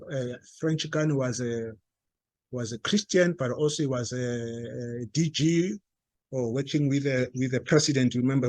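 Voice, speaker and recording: A man with a South African accent telling a story to a live audience, halting and restarting, and acting out the quoted dialogue. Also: medium pitch, darkish tone, dry recording. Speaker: speaker at a talk. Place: meeting room.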